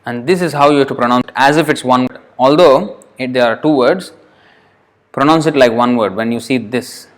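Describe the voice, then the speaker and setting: A man with a mid-range voice teaches an informal lesson on verse pronunciation. He's patient, thinks aloud, frequently restarts, and sounds words out slowly, syllable by syllable.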